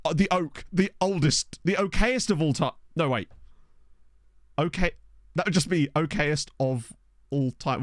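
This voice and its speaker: His voice on the high side and his intonation lively, a streamer playing a football management game thanks viewers and cracks jokes with quick laughs. The desk mic gives a dry recording.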